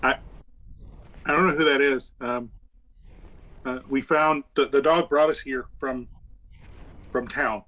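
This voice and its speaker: A man's voice: mid-range voice, steady tone, slow, long pauses, pushed and bright, rough recording. A man playing a tabletop game who speaks hesitantly and restarts his sentences. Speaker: player.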